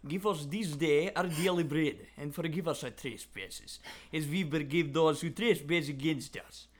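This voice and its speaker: A man's voice: a little high, normal speed, close to an everyday voice. A young man putting on a Russian accent, reciting solemnly in a comic voice. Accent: Russian (put on).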